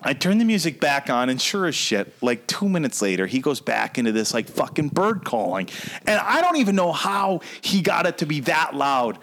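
A man in his thirties, a podcast host, telling a long profane story in an animated, casual way. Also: fairly high pitch, normal speed, gravelly.

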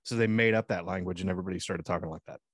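A man's voice: sits low, fairly even intonation, very fast, no echo, studio quality. An American man co-hosting a casual podcast chat, crude and laughing often. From United States. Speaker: podcast co-host.

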